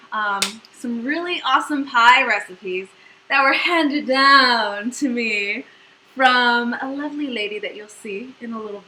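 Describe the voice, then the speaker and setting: A young woman with a bright, forceful, fairly high voice hosts a home baking livestream from her kitchen. She's bubbly and chatty in a casual way, laughing easily, though the recording is low quality with slight background noise.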